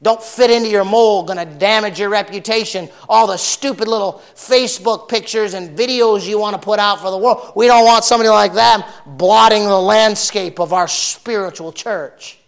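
Man, middle-aged pastor, sermon, fairly high voice, folksy, blunt, big loud-to-soft swings. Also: moderate pace, few pauses, clean tone. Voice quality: folksy, blunt preacher talk. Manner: swings from loud shouting to soft, emotional storytelling.

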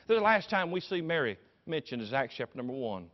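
A man's voice: medium pitch, big pitch swings, fairly quick, few pauses. A man preaching a sermon in a folksy, emphatic storytelling manner, on a dull recording with long reverb.

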